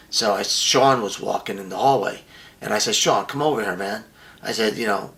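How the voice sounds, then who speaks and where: A man's voice: on the low side, fairly quick, vocal fry, a bit bright. An older man bluntly telling a profane story as an interview guest, often acting out what others said.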